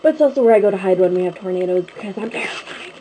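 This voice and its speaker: A woman's voice: medium pitch, expressive, very fast, warm tone, a little hiss or hum, low-quality recording. A young woman from Canada chatting casually to her camera at home, rambling with many fillers. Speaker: vlogger. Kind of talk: casual vlog chat to camera. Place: at home, indoors. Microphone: handheld camera, close.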